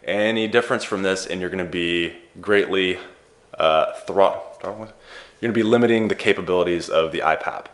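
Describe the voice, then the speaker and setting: Low-voiced and speaking at a moderate pace, the host of a sleep therapy advice channel walks through a relaxed explanation. He keeps it chatty, adding playful joking asides.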